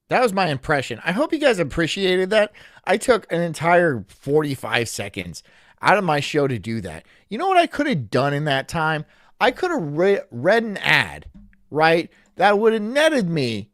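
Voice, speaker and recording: A man's voice: on the high side, sing-song, moderate pace, a bit bright, no room sound, studio quality. Rambling, self-mocking male streamer. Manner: rambling, self-mocking, laughs at own jokes. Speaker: streamer host. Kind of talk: casual live-stream chat reacting to a video.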